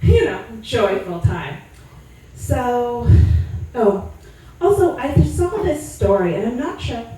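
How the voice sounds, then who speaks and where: A woman's voice: on the high side, lively intonation, slow, dark tone. A young woman from Sacramento performing a crude, self-deprecating stand-up comedy set. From Sacramento, California. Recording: echoey room mic'd from a distance.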